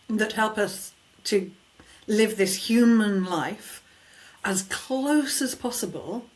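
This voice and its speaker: A woman, a vocal coach, talking in a podcast conversation, expressive and emphatic as she acts out questions people ask themselves. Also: medium pitch. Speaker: vocal coach and sound healer.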